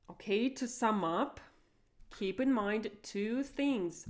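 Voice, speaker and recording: Slow, careful Russian woman teaching. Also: medium pitch. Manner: slow, clear explanations with stressed example phrases. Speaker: language teacher. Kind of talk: language lesson.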